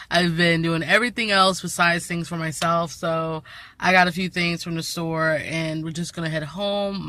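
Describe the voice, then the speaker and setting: A woman's voice: lowish voice, no room sound. Giggly young woman vlogging, dry sound. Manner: chatty and giggly, easily excited. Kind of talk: casual vlog chat to camera.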